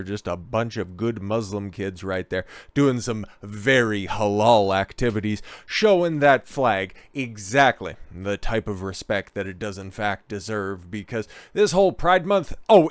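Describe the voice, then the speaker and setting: A man hosting a commentary vlog, speaking in a sarcastic, scornful and animated rant. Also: fairly low pitch, dry recording. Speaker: commentary host.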